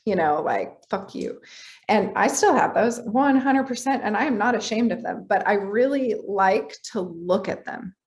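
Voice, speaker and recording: A woman's voice: mid-range voice, gravelly. Blunt, swearing middle-aged woman. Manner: blunt and profane, acts out her own quoted thoughts. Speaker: guest, coach. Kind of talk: casual podcast interview.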